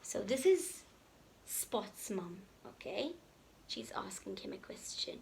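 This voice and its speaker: A woman's voice: medium pitch, takes it slowly. A woman reading a picture book aloud to young children, playful and speaking straight to them. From Malta. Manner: animated, playful, talks to the children directly. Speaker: children's storyteller.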